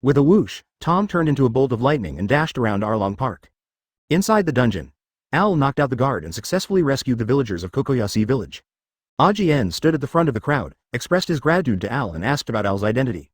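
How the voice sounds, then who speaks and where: A man reading a fan fiction story aloud in an even, flat cadence. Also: mid-range voice, fast talker, no room sound, studio quality. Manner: reads page artifacts and sound words flatly, even cadence. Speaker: narrator.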